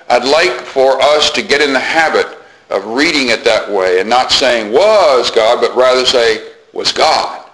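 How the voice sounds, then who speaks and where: A man preaching a sermon, teaching earnestly and deliberately, repeating phrases for emphasis with occasional fillers. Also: mid-range voice, pushed and bright, rough recording.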